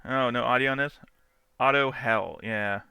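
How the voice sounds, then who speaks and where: A man talks through dash cam clips in a casual streamer way, chatty and quick to laugh or swear. His voice is bright and crisp. The sound is dry and close. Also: medium pitch, no echo. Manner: chatty, laughs often, swears freely, mimics angry drivers. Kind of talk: casual live-stream commentary.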